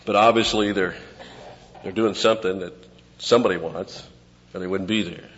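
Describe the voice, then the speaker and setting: A man preaching an expository sermon, teaching conversationally and dropping to quiet asides between points. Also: low-pitched, fairly even intonation, moderate pace. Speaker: pastor. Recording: lo-fi with long hall reverb.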